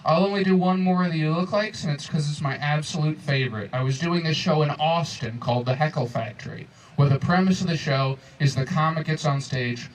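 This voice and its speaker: A man in his twenties doing a stand-up comedy set, telling stories with exasperated, animated crowd banter. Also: fairly high pitch, far from the mic, a little hiss or hum, rough recording. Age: 20s. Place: comedy club stage before a crowd. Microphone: handheld stage microphone.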